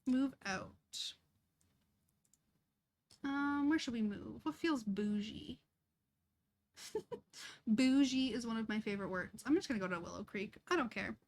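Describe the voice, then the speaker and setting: A woman's voice: fairly high pitch, measured pace, pauses often. A young woman chatting casually and laughing often as she streams a life-sim game, chatty and self-deprecating. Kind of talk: casual live-stream chat while playing.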